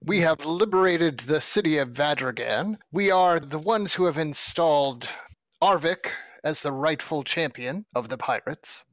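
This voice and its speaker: A man's voice: fairly high pitch, animated, measured pace, fairly bright tone, a little hiss or hum. A man playing a tabletop game, speaking grandly and theatrically. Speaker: player. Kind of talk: in-character play.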